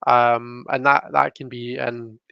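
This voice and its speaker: A young man with a Scottish accent rambles easily through viewer comments on a live stream, with plenty of ums and restarts. His voice sits at an ordinary middle pitch. The sound is dry and slightly dull. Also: flat delivery, slow pace, vocal fry, clean tone, no echo. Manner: rambling, chatty, frequent fillers. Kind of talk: casual live chat reading comments.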